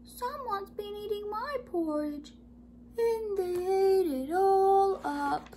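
A tearful little boy bear cub from a storybook, as a woman puts him on. The voice sits far above a normal speaking pitch and draws each word out slowly in a high wail. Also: warm tone, slight background noise. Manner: high, slow and wailing.

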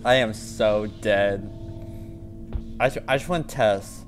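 A man commentating his own horror game playthrough, muttering to himself between sudden panicked shouts. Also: on the low side, slow pace, faint music behind. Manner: mutters to himself, then yelps and shouts when scared. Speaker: gaming channel host.

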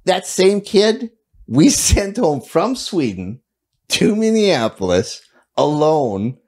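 A middle-aged man spins stories in a loose podcast chat. He laughs through his lines and swears freely. His pitch swings widely as he gets carried away. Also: big pitch swings, slow pace, a little mellow. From United States. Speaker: podcast guest. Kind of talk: casual storytelling.

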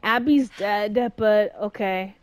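A woman's voice: mid-range voice, takes it slowly, noisy background. A woman streamer giving chatty, reactive let's-play commentary and swearing casually as she plays. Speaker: gameplay streamer.

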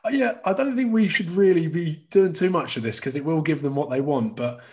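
A man's voice: a little high, fairly quick, slight background noise. A man on a podcast panel, chatting casually and mockingly reading out online comments about himself. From Scotland. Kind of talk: casual chat.

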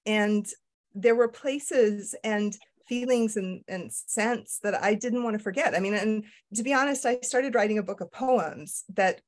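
A middle-aged woman author being interviewed. She talks casually and candidly, pokes fun at herself and often stops to restart her sentences. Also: medium pitch. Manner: candid, self-deprecating, halting with restarts. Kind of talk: casual conversation.

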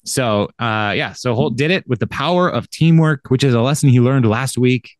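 Recorded dry at studio quality, a man with a mid-range voice talks at a moderate pace. As a podcast co-host, he offers a casual, meandering episode recap peppered with fillers and laughter.

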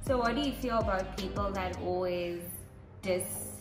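A woman's voice: medium pitch, moderate pace. South african woman, host, emphatic casual chat, echoey room, faint music. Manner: emphatic, repetitive, laughing.

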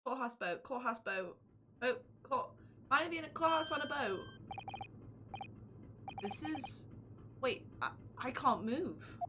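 A young woman giving excitable, exclamatory let's-play commentary as a streamer. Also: sits high, a little slow, long pauses, very noisy. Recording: game music behind.

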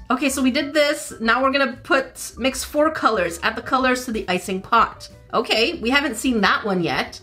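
A woman's voice: a little high, a bit bright. A woman YouTuber playing a mobile baking game with playful jokes and panicky exclamations. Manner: playful, jokey. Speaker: gaming YouTuber.

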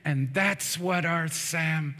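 A man's voice: a little high, takes it slowly, pushed and bright. A man preaching a funeral sermon as pastor, telling the story and asking the congregation for amens. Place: church sanctuary. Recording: long church hall reverb.

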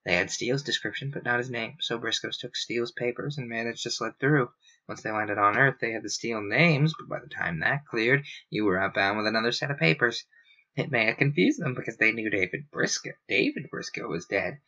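A man voicing a wry, kindly male character who talks in a low, gentle way, on a dull lo-fi recording. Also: expressive, a little fast.

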